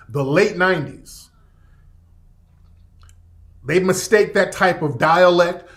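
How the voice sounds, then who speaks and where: High-voiced man ranting on a livestream. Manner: emphatic, profane, repetitive. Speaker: livestream commentator. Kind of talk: casual livestream rant.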